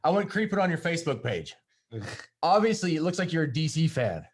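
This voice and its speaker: A man's voice: on the high side, sing-song, brisk. A middle-aged man co-hosting a podcast with playful, teasing banter in casual chat. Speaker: podcast co-host.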